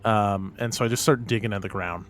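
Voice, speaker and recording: A man's voice: fairly low pitch, fairly even intonation, brisk. A man playing a tabletop game, switching between casual table talk and formal, earnest in-character speech as his investigator. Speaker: player.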